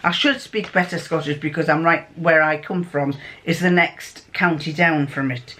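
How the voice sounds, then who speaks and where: A woman's voice: low-pitched, normal speed, few pauses, fairly bright tone. An older woman chatting casually while opening a fabric advent calendar, rambling, losing her thread and laughing often. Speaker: sewing vlogger.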